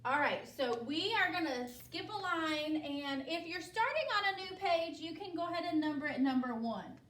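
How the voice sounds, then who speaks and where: Heard from a distance in an echoey room, a woman teaches a spelling lesson, checking "okay?" after every step. Her high voice is animated and a bit bright, her pace moderate, her manner patient and instructive.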